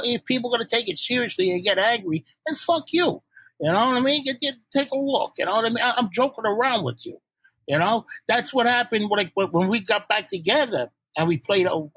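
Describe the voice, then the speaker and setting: An older man from New York in a casual podcast chat, animated and swearing freely as he jokes around. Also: high voice, husky, no echo, poor audio. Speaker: guest, punk band frontman.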